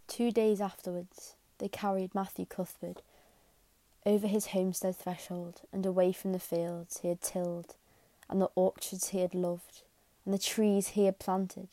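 A woman reading a classic novel aloud as a gentle, steady audiobook narrator. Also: mid-range voice, a little slow, dry recording. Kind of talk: scripted narration.

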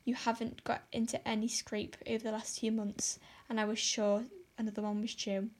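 A woman reading an audiobook gives voice to a stern, sharp-tongued middle-aged guardian. She scolds briskly in a fairly high, flat voice, with a dry edge of sarcasm. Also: slight background noise, natural voice. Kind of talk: audiobook character voice.

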